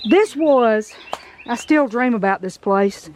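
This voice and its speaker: A middle-aged Southern US woman, hosting her vlog, takes a slow, casual walk through an abandoned house outdoors, chatting in a folksy, emotional manner. Her voice is high-ish and a little mellow, with lively intonation, over slight background noise.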